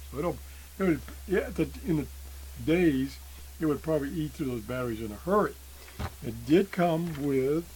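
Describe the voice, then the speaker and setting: A man slowly demonstrating an old radio, halting often and clearing his throat, his voice worn from being sick. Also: a little high, darkish tone, a little hiss or hum, poor audio. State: losing his voice after illness. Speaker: radio hobbyist video host. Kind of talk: casual show-and-tell demo.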